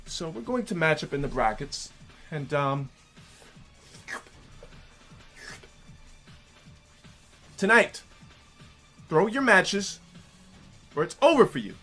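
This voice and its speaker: A man voicing a smug, scheming blackmailer who taunts slowly with mocking laughs. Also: fairly high pitch, big pitch swings, pushed and bright, soft background music, exaggerated voice. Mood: smug taunting. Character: smug scheming male blackmailer, gloating and vengeful.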